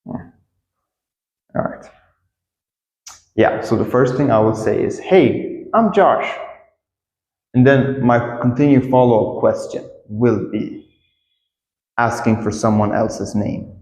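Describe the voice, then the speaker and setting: A man teaching a casual English lesson, repeating example phrases with lively acted-out intonation. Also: mid-range voice, a little slow, long pauses, reverberant, long reverb tail, rough recording.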